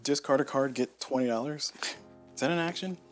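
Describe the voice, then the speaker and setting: A man talks through a solo board game on a lapel mic, thinking aloud and muttering asides to himself. His voice sits at an ordinary middle pitch. Faint music plays behind him. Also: fairly quick. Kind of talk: casual solo playthrough commentary. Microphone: lapel mic on shirt.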